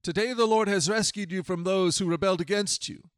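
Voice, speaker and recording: This man speaks high and a little fast, his fairly bright tone pitched above his natural voice, recorded clean in a studio with no echo. He's playing a formal messenger declaiming news to a king.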